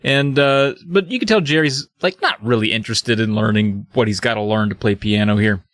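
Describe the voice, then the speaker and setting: A man co-hosting a podcast, recapping an episode in a joking, animated casual chat. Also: lowish voice, brisk, no echo, clean studio sound. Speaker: podcast co-host.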